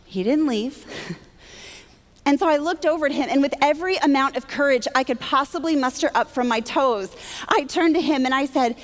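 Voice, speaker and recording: A woman sharing a personal faith testimony, animated and self-deprecating, acting out her own thoughts as she tells the story. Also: sits high, normal speed. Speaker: Christian speaker. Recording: long hall reverb.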